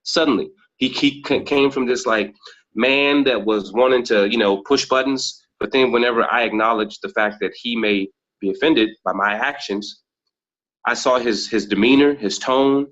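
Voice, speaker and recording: A man's voice: mid-range voice, normal speed, a bit bright. A man appearing as a podcast guest, telling thoughtful personal stories and acting out the dialogue in them. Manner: thoughtful, acts out quoted dialogue. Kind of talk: reflective personal storytelling. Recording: dull lo-fi sound.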